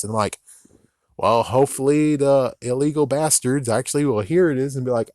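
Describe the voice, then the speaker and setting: A man's voice: mid-range voice, normal speed, a little mellow, no room sound, studio quality. A man giving a casual, ranting opinion commentary on films, often mocking others in put-on voices. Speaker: video commentator.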